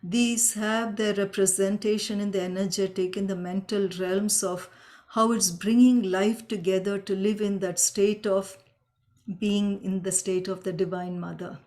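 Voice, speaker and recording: A woman teaches the meaning of sacred names over a video call, speaking very slowly and patiently. She explains each point gently and now and then chants a mantra. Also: mid-range voice.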